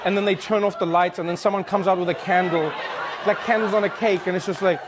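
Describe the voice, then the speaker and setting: A man's voice: sits high, fast, a crowd in the background, noisy background. A man from Africa, telling comic stories animatedly and acting out voices and songs. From South Africa. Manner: animated, acts out voices and sings snatches of songs. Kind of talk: comedic storytelling.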